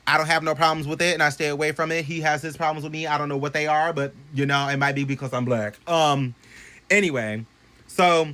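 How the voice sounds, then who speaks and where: A young man casually telling a story to his phone camera at home, animated and profane, swinging from loud bursts to hushed asides. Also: mid-range voice. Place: bedroom at home.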